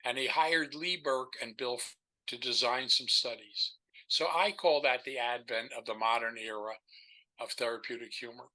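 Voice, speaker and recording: Bright, animated older male storyteller. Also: mid-range voice, normal speed, low-quality recording. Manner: animated, rambling storyteller with restarts. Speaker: podcast guest. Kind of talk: storytelling in a casual chat.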